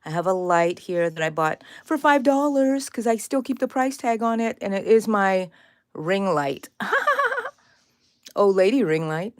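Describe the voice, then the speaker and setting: Chatting casually from her craft room, this middle-aged crochet channel host greets her livestream viewers by name. She speaks in a mid-range voice, animated and at a moderate pace.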